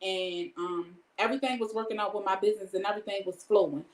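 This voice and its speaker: A woman's voice: medium pitch, quick pace, roomy sound, rough recording. A woman giving a candid personal testimony in a casual way. She retells each exchange by quoting it and often speaks of God. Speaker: storyteller sharing a personal testimony.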